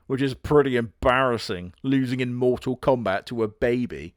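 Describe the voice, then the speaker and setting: A man's voice: mid-range voice, normal speed, hardly any pauses, no echo, studio quality. A young man giving sardonic, crude comedic commentary, now and then putting on voices for quoted characters. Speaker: host.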